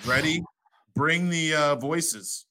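Male co-host, slightly high voice, upbeat, speaks in short bursts. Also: takes it slowly, sharp tone, slight background noise. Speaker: podcast co-host. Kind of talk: casual chat.

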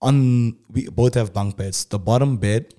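A young man hosting his show, telling a comic personal story and acting out the dialogue with sudden loud, high bursts. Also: measured pace. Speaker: host.

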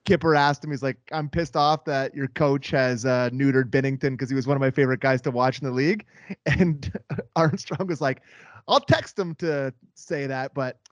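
A man co-hosting a sports podcast in casual chat, enthusiastic and quick to laugh. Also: mid-range voice, no room sound.

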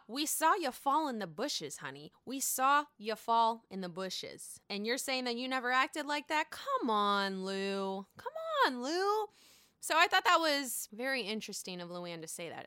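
Woman, casual recap vlogger, gossipy and animated, fairly high voice, dry close mic. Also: no echo. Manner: gossipy, animated, dramatic outbursts. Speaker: reality TV recapper.

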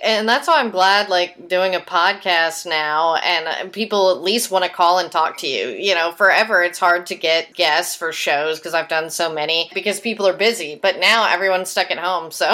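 A woman's voice: fairly low pitch, moderate pace, sharp tone, soft background music. A woman hosting a soap opera podcast, chatting casually and reading out fan tweets with playful asides.

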